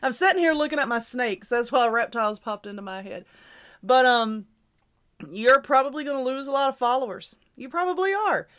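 A woman's voice: sits high, animated, a little fast, fairly bright tone. Chatty woman giving advice. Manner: chatty, repetitive, reassuring. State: stifling hiccups. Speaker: YouTuber and podcast host. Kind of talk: casual advice monologue.

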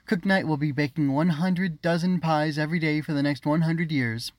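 A man's voice: a little high, fairly even intonation, normal speed, no echo, pitched above the performer's own voice, close to an everyday voice. A man doing a whiny, spoiled little girl. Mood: bossy. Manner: whiny, demanding.

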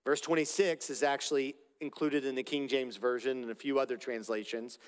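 A man, a pastor, giving a sermon, speaking deliberately and repeating key phrases for emphasis. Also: mid-range voice, steady tone, clean tone, big-room sound.

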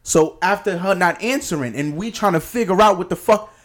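A man telling a story in casual chat, profane and lively, acting out the quotes. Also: sits high, fairly quick.

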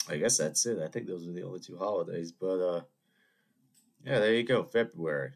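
A man's voice: deep voice, a little fast, vocal fry. Sniffly man rambling solo on a podcast. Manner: chatty, digressive, jokey asides to listeners. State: sniffly from a cold. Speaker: podcast host.

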